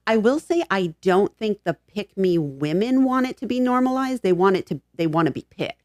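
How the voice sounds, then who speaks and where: A middle-aged woman speaking as a podcast guest, blunt and casually profane, her talk full of "like" and "you know." Her voice sits at an ordinary pitch. The studio sound is close and dry. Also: animated, normal speed, darkish tone, no echo. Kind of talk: frank casual chat.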